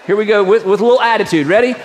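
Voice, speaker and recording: A man's voice: sits high, rapid-fire, slight background noise. A middle-aged male pastor giving a conversational, joking sermon. He piles up rhetorical questions and leads the congregation in a spoken declaration.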